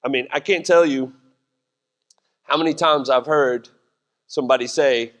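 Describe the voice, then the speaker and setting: Speaking at a measured pace with long pauses, a middle-aged pastor gives a casual, joking sermon in a church sanctuary with hall reverb. His mid-range voice is a bit bright, and he adds voiced asides along the way.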